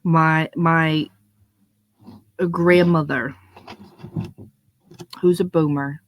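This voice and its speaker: A young adult launches into an unscripted rant, blunt and full of swearing, repeating words to drive each point home. The voice sits at a middle pitch and sounds close and dry, with no room around it. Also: steady tone, extremely slow, no room sound. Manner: blunt, profane, emphatic, repeats words when stressing a point. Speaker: monologue speaker. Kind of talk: unscripted ranting monologue.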